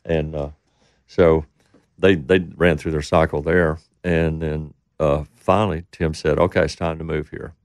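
A man's voice: rumbling low, little pitch movement, a little slow, no echo, clean studio sound. A middle-aged man telling a rambling story in casual talk, acting out the voices of the people he quotes. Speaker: interview guest.

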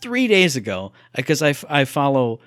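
A young man co-hosting a casual gaming podcast, talking in an animated, playful way. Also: medium pitch, normal speed, dry recording, clean studio sound. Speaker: podcast co-host.

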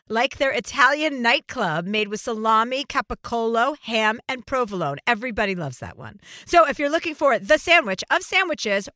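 A woman's voice: on the high side, sharp tone, no room sound, studio quality. A woman reading a scripted ad in an upbeat, persuasive way. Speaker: ad reader. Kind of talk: scripted ad read.

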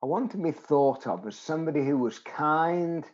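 A man's voice: a little high, expressive, moderate pace, darkish tone, lo-fi sound. A man in his seventies, a guest in an interview, who tells stories with animation and acts out the people he quotes. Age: 70s. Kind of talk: interview conversation.

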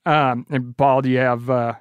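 Animated man retelling an interview. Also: mid-range voice, moderate pace, clean tone, no echo, highs cut off. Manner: animated storyteller, quotes others. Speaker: podcast guest. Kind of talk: casual chat.

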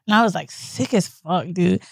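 Animated woman podcast co-host. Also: on the low side, normal speed, gravelly, no echo. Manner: animated storyteller, swears, acts out quotes. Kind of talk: casual podcast storytelling.

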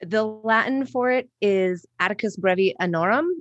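A woman appearing as a guest on an improvised comedy podcast, playing a persona in a matter-of-fact, deadpan way. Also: medium pitch, moderate pace, dry recording, highs cut off.

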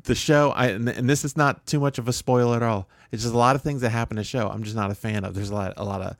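A man co-hosting a podcast, rambling and joking in a loose, blunt way, with frequent restarts. His voice sits in a middle pitch. The sound is dry and close. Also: fast, no room sound. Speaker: podcast co-host. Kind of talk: casual chat.

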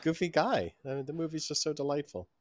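A man's voice: fairly high pitch, sing-song, quick pace, no room sound. A man co-hosting a podcast, talking casually in a rambling, thoughtful way. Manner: rambling, thoughtful with many fillers. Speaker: podcast co-host. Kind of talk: casual chat.

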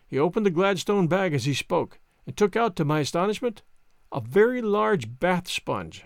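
A man narrating a story in an expressive, animated reading style. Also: high-pitched, normal speed, no room sound, clean studio sound. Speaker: audiobook narrator.

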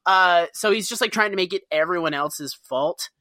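A woman's voice: on the low side, normal speed, sharp tone, no room sound, studio quality. A woman in casual comedic podcast chat, riffing on a TV episode with profanity and disgust. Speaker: podcast co-host.

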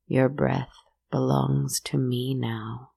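A cruel witch from a dark storybook, croaking her words slowly and quietly, as a woman reads her. The voice is low, heavily gravelly and dark, with a flat, gloating calm. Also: no room sound, heavily acted. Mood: menacing. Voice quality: croaking, slow and hushed. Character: cruel mocking witch, hag shedding vermin.

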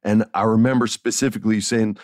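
A man in his forties hosting a podcast, telling stories in a casual, animated way and swearing freely. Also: lowish voice, brisk, no echo, studio quality. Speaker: podcast host. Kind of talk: casual interview chat.

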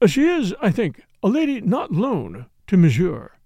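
A man's voice: high voice, wildly swooping pitch, unhurried, mellow, husky, no room sound, heavily acted. A man voicing a respectful, obliging male French manservant who answers deferentially. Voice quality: deferential, attentive.

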